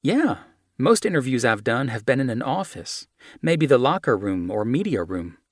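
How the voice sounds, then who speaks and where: At a moderate pace and with big pitch swings, a man voices a bubbly, chatty young American woman journalist, his medium pitch raised above his natural voice. The clean studio recording has no echo.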